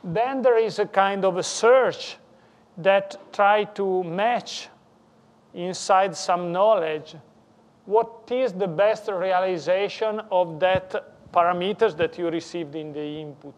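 A man's voice: sits high, slow pace. A man giving a technical lecture as a guest speaker, explaining step by step with occasional restarts and non-native grammar.

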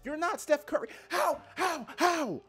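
A young man commentating his own basketball video game match, trash-talking and swinging between excited yelps and low mutters. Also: unhurried, soft background music. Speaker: gaming YouTuber. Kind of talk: gameplay commentary.

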